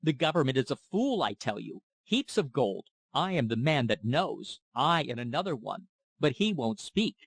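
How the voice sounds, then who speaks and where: A man's voice: mid-range voice, very animated, normal speed, creaky, husky, no echo, exaggerated voice. A man voicing a drunken, blustering middle-aged trader who rants and slurs. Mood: ranting.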